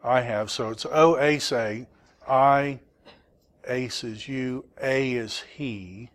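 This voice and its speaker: A man's voice: medium pitch, slow. A man teaching a Greek class, asking students questions and patiently explaining grammar. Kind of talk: classroom lesson.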